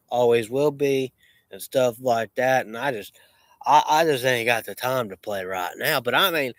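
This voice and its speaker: A man's voice: mid-range voice, fairly bright tone, no room sound. A man who runs a lawn care business, talking in a rambling, repetitive and boastful way with many restarts. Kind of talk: rambling casual monologue.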